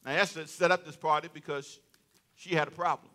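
A man preaching a sermon in a lively, conversational way, with comic asides and repeated phrases. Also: a little high, fairly quick. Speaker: pastor.

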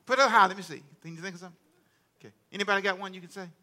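Bright-voiced man preaching a sermon. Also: high voice, very fast. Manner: lively, calls out to the congregation. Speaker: pastor.

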